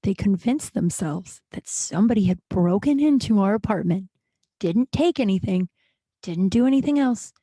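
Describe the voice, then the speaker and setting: A woman in her thirties hosting a podcast, telling stories in a rambling, animated way, jittery and over-caffeinated. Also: mid-range voice, normal speed, breathy edge, dry recording. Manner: rambling, animated, full of restarts and asides. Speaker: podcast host. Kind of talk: casual storytelling monologue.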